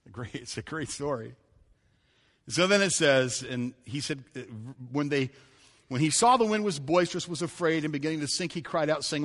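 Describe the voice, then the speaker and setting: A man preaching a sermon who talks in an animated way, swinging between loud bursts and hushed passages and laughing often. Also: a little high, brisk. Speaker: pastor. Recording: long hall reverb.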